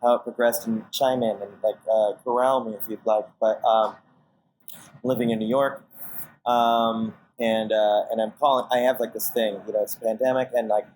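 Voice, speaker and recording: A man's voice: lowish voice, little pitch movement, moderate pace, a little mellow, low-quality recording. A man being interviewed as a guest on a podcast, talking casually and rambling with many fillers and restarts while acting out his own reactions. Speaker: podcast guest, casting director and manager.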